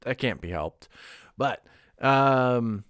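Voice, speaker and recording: A man's voice: mid-range voice, lively intonation, extremely slow, a bit bright, dry recording, studio quality. A young man chatting casually on a livestream, candid and rambling, swearing now and then and laughing often. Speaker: streamer.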